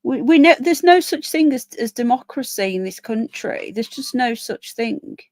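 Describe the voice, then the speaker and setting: On the high side, a little mellow, with lively intonation at normal speed, this woman is recorded dry. She hosts a relaxed live stream while tired and yawning, reading out comments, chatting with viewers, and pausing to address her pets.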